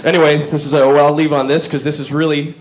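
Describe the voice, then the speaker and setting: A man's voice: on the high side, fast, heavy background noise. A man doing a stand-up routine on a live comedy stage, rambling through his stories with restarts and asides. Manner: animated, rambling storyteller with restarts.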